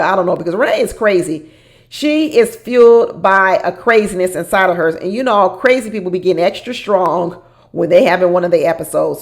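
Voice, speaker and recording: Gravelly woman recapping reality TV. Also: medium pitch. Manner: animated, dramatic, laughs while talking. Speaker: reality TV commentator. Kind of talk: casual recap commentary.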